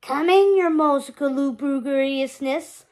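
A bumbling little imp minion, put on by a woman reading aloud, yelping loudly in a squeaky high voice, well above her narration. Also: unhurried.

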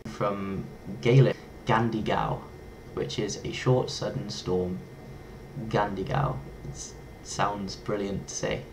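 A man's voice: fairly low pitch, fairly even intonation, slow pace, noisy background. A man casually talking to camera as a vlogger, playful and chatty, stumbling over tricky words and laughing at himself.

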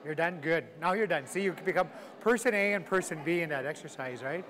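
A man's voice: a little high, fairly quick, fairly bright tone. A man teaching a live language class, calling out drills and repeats in a playful way, laughing along with his students. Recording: crowd noise in a live classroom. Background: class chatter and laughter.

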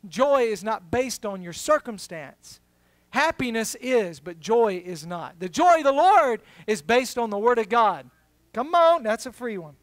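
Pastor, middle-aged man, high voice, close dry mic; jokes, then preaches hard. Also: a bit bright, dry recording. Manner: humorous storytelling, rising to emphatic preaching. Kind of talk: sermon.

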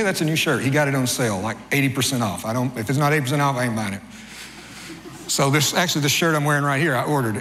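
A middle-aged male pastor giving a sermon in a conversational, storytelling way. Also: fairly bright tone. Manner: conversational storytelling preacher, rises in pitch for acted dialogue. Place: church sanctuary. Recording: long church-hall reverb, faint ambience.

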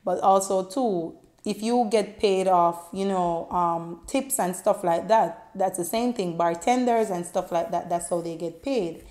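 A woman, chatting to her viewers in a casual, heartfelt way, swinging between loud bursts and soft tones. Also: lowish voice, a little slow, few pauses. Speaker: vlogger. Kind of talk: casual storytelling to camera. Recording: roomy echo, faint music.

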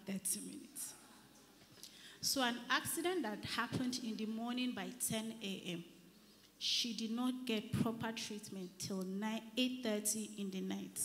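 An earnest Nigerian woman gives a church testimony, her voice sinking to near whispers and then swelling loud. Her voice carries a long reverb from the church hall around her, with faint noise underneath. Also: medium pitch. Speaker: church member giving testimony. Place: church service.

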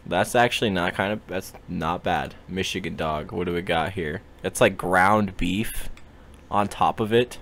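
Chill guy with a lowish voice, just chatting and cursing casually, laid back. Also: unhurried, fairly bright tone. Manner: laid-back, swears offhandedly. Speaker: host. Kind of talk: casual chat.

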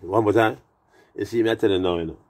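A man's voice: lowish voice, fast. A man telling a rambling, profanity-heavy story in loose patois and now and then sliding into song. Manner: swears constantly, loose patois, drifts into singing. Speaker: reggae artist. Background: loud music.

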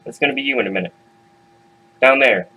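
Swaggering street-tough billy goat, higher-pitched, profane trash talk; a male narrator voices him. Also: quick pace, sharp tone, low-quality recording. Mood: menacing.

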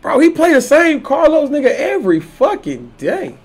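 A man with a high, lively voice, chatting loosely to his stream audience. He uses heavy slang and jumps from hype to teasing, his pitch swinging up and down. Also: normal speed. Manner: loose slangy trash talk, animated. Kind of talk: casual live-stream chat.

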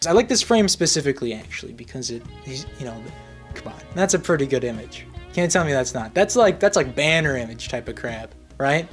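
Young male host, lively pitch, loose playful image commentary, light music behind. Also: moderate pace. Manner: rambling, animated, playful with repeated words. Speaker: channel host.

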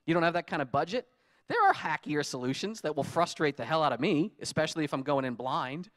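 A man giving a conference talk, telling lively stories and acting out his own frustrated quotes. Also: on the high side, fairly quick. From United States. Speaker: conference speaker. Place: conference hall.

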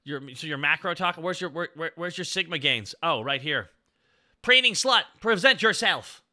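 A man live-streaming as a VTuber in casual, goofy chat, jumping between loud bits and low mumbled asides. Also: fairly quick.

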